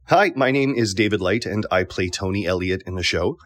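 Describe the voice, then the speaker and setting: Low-voiced man in his thirties. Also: a little fast, a bit bright. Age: 30s. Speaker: stage actor. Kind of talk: scripted self-description.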